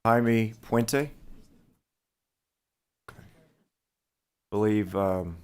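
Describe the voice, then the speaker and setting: Male committee chair, very low voice, easygoing procedural talk. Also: very slow, smooth. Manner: relaxed, informal procedural talk. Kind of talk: chairing a hearing. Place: legislative hearing room.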